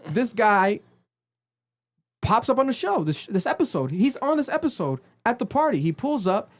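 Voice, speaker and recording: A man co-hosting a podcast, recapping a reality show in casual chat and acting out quotes with sudden pitch jumps. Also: normal speed. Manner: animated storytelling, acts out quotes with big pitch jumps. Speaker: podcast co-host. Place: podcast studio.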